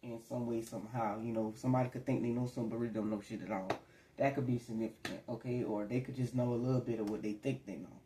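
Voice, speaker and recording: A man talks through a tarot reading in a relaxed, rambling way. His voice sits at an ordinary middle pitch. The room around him gives a noticeable echo. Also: quick pace, noisy background. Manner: rambling, conversational, slips into acted quotes. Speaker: tarot reader. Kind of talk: casual spiritual reading to camera. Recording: echoey room.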